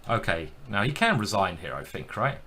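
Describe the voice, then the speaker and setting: Male chess streamer, bright voice, wry running commentary, faint hiss. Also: on the low side, sing-song, moderate pace. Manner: self-deprecating, thinking aloud. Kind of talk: live commentary on his own games.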